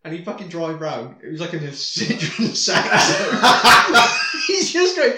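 A man co-hosting a podcast in casual chat, crude, laughing and excitable as he retells sketches. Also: on the high side, measured pace, roomy sound. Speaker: podcast co-host.

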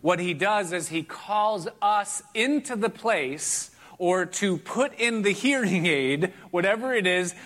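A middle-aged man preaching a sermon in a relaxed, conversational way. His voice is bright and sits a little high for a man. He tells stories with a self-deprecating touch and chuckles between points. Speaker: pastor. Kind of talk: sermon with personal story.

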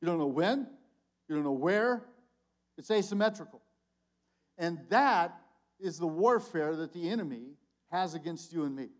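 Older guy preaching, chatty and lively, gets loud then drops way down, kinda high voice. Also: normal speed, pauses often. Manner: animated, conversational preaching with big swings in volume. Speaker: conference speaker. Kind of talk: sermon.

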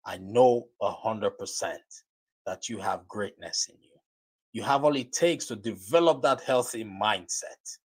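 A man's voice: on the low side, unhurried, breathy edge. A man with a Nigerian accent hosting a motivational podcast, enthusiastic, with preacherly build-ups. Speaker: podcast host.

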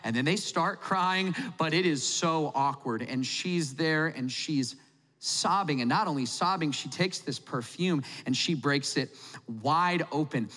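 A pastor preaches a sermon in a fairly high, sharp-toned male voice. He tells the story conversationally and with humor, and the recording carries a long hall reverb.

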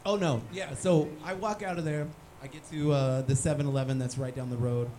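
Laughing high-voiced man telling a story. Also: fairly even intonation, fairly quick, mellow, slight background noise. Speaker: podcast co-host. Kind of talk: casual chat. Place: sports bar.

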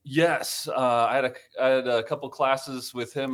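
A man from Ohio, a podcast guest, relaxed and matter-of-fact with dry self-deprecating humor. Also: mid-range voice, moderate pace, clear, resonant tone. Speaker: guest, worldview center director. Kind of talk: podcast interview.

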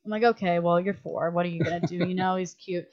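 A woman chats on a podcast in a low-pitched voice, spinning animated stories full of fillers and quoted dialogue. The audio is dull and lo-fi, like a budget podcast recording. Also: fast talker. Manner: animated storytelling, many "like"s, acts out quotes. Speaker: guest filmmaker. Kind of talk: casual podcast chat.

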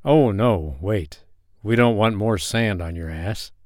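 A man's voice: fairly low pitch, takes it slowly, darkish tone, no echo, studio quality. A man voicing a confident, playful young man in an audio story, speaking in a jokey, upbeat and somewhat commanding way.

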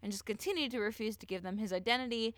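Telling a true-crime tale on her podcast, the host keeps things casual, drops plenty of swear words and performs the voices of the people in it. Her delivery is quick, her smooth, crisp voice a little high and somewhat bright. The sound is close and dry, without any room sound.

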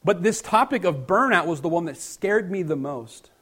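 Middle-aged male pastor, slightly high voice, relaxed storytelling sermon with quiet emphatic drops. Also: normal speed, husky.

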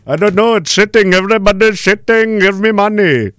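A man's voice: sits high, fairly quick, fairly bright tone, clear, resonant tone, no room sound, clean studio sound, voice pushed up. A man putting on a sneering, singsong voice to mock a careless man who shrugs everything off.

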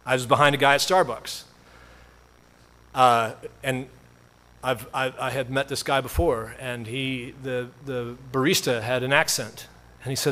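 A man's voice: medium pitch, steady tone, unhurried, pushed and bright. A male pastor preaching a sermon in a conversational storytelling way, with self-deprecating humor.

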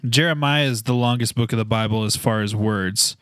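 Relaxed man explaining Bible fun facts. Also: on the low side, fairly quick, dry recording, studio quality. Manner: relaxed, explanatory, a few filler restarts. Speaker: podcast co-host presenting fun facts. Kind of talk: casual Bible discussion.

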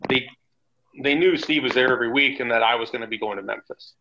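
A man with a gravelly, bright, forceful voice tells his stories bluntly and with plenty of swearing. The recording is dull and lo-fi. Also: mid-range voice, fast talker, a little hiss or hum. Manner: blunt, profane, animated storyteller. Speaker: guest, former wrestler. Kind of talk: casual storytelling. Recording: dull lo-fi sound.

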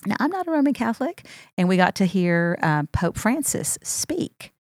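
A woman pastor tells heartfelt personal stories in a casual podcast chat and grows animated when moved. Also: medium pitch, moderate pace, dry recording, studio quality.

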